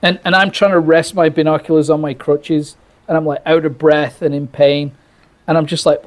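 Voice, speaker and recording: A man from Britain tells a birding story in a casual, animated way. He restarts his sentences often and acts out what people said. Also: on the high side, normal speed. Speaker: birder telling a story.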